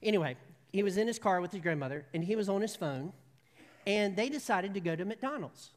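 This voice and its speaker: A woman's voice: medium pitch, expressive, brisk. A woman preaching a sermon in a church, telling stories in a chatty, humorous way before turning earnest. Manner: conversational storytelling, humorous then earnest. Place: church sanctuary. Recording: long reverb of a large hall.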